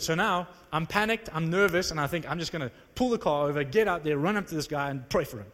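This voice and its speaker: A young man from South Africa preaching a sermon, telling a personal testimony with animated storytelling that rises into excited exclamations. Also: on the high side, fast, few pauses. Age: young adult. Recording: reverberant hall.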